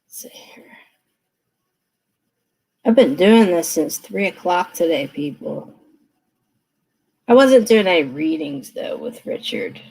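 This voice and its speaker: Seated at a desk, a woman does a relaxed live tarot reading, talking warmly, offering reassurance and often checking on the listener. She speaks slowly and expressively in a lowish, darkish, creaky, slightly rough voice with long pauses. The audio quality is poor.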